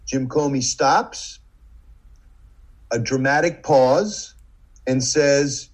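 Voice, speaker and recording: A man's voice: medium pitch, very slow, long pauses, low-quality recording. A middle-aged man from the United States, a podcast guest telling a vivid anecdote and acting out the quoted lines. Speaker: podcast guest, former FBI agent. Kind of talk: storytelling in conversation.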